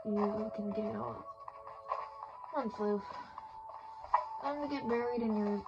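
Chatty woman over loud game music. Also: medium pitch, measured pace, creaky, pauses often. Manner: chatty, exclaiming, laughing at herself. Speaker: gaming video creator. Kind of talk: casual game commentary. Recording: muffled audio under loud game music.

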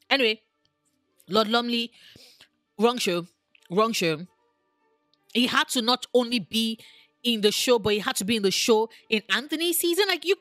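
Animated chatty woman talking to camera. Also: mid-range voice, no room sound. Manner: animated, exclamatory, addresses characters directly. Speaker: online video creator ranking TV characters. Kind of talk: casual chat to camera.

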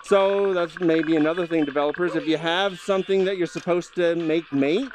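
A man's voice: sits high, animated, normal speed, hardly any pauses, slight background noise, rough recording. A man commentating his VR gameplay, exasperated and ranting at the game with mild swearing. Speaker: gameplay host. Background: game music.

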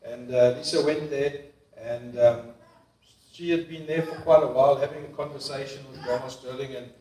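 Soft-spoken man in an echoey church. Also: mid-range voice, fairly even intonation. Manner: halting, soft-spoken, many fillers. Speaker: memorial service host. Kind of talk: speaking at a memorial service. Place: church hall. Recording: echoey church hall, voice from far off.

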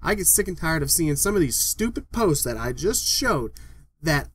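A young man with a fairly high voice rants straight to the camera in a heated, profane vlog. He keeps circling back to the same complaints and swears freely as he vents. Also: very animated, normal speed, a bit bright, breathy edge. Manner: heated, profane, repetitive ranting. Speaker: vlogger. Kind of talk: angry rant to camera.

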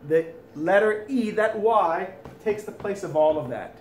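A man's voice: high-pitched, unhurried, darkish tone, a little hiss or hum. A man teaching a French lesson in a recorded video, chatty, with folksy asides, recording from home. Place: home, during school closure.

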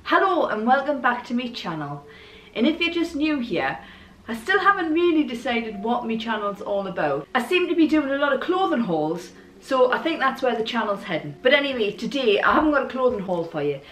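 A woman's voice: fairly high pitch, very animated, brisk, fairly bright tone, a little hiss or hum. A woman in her forties with a Geordie accent, chatting casually and rambling a bit as she talks to camera. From Newcastle, England. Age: 40s. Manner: chatty, rambling, self-deprecating. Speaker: YouTuber. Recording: echoey room with faint music.

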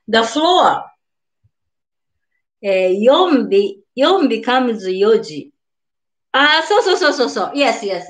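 An older woman with a Japanese accent teaching beginners, slowly repeating each word, greeting viewers and laughing often. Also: a little high, a bit bright. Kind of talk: live-streamed beginner language lesson.

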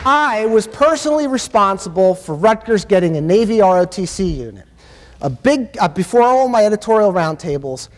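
A man giving a conference keynote, telling stories in an emphatic, impassioned way. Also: high-pitched. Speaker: keynote speaker. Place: university conference hall. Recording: long hall reverb.

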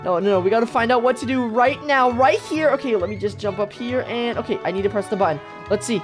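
A woman hosting a gaming video with excited, exclamatory commentary, full of gasps and cheers. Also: a little high, fast, music in the background.

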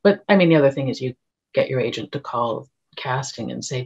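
Husky, gravelly woman on a dull line. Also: extremely low pitch, lively intonation, a little mellow. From Canada. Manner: measured, advice-giving. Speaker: actress, podcast guest. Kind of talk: casual interview conversation.

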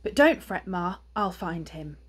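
A woman voicing a gruff, blustering father hedgehog in a storybook. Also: fairly low pitch, very animated, a little slow, full character voice.

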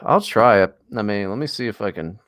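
Profane, sarcastic American man with lively pitch. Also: brisk, no echo, studio quality. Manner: profane and sarcastic, many fillers. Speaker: podcast co-host. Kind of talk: casual chat.

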